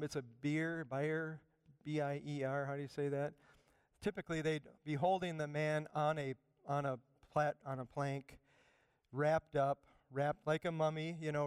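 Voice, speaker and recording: A man preaching a sermon, animated, swinging from loud emphatic bursts down to quiet asides. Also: a little high, clean tone, no echo, studio quality. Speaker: pastor.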